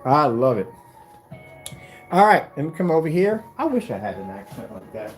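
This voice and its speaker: A man demonstrating projector screen paint in a combative, animated way, talking straight to his critics. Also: medium pitch, moderate pace, faint music behind. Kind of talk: product demonstration rant.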